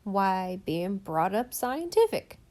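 A talkative old country widow, as a woman reads her part, her voice a little hoarse from a cold. She rambles on in homespun grammar, kindly and eager for company, like a character in a storybook read aloud. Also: mid-range voice, big pitch swings, slow, a little mellow. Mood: folksy chatter. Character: chatty lonely old countrywoman, folksy and kindly.

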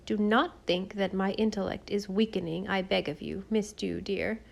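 A woman voicing a stern, fussy older housekeeper in an audiobook, speaking in a deliberate, scolding way. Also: mid-range voice, fairly even intonation, gravelly. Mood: fond. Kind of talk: audiobook character voice.

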